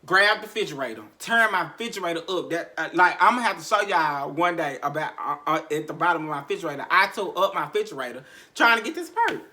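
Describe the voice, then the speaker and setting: Bright-voiced man telling a raw story. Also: fairly high pitch, animated, quick pace. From Memphis, Tennessee. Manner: profane, repetitive, heavy sighs, emotional recounting. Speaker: podcast host. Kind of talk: candid storytelling monologue.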